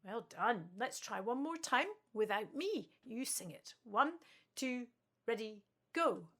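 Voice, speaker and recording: A woman with a Scottish accent leading a call-and-response singing lesson, encouraging and speaking slowly and clearly between sung phrases. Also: on the high side, animated, a bit bright. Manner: encouraging, slow and clear, sings sung examples. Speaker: music teacher.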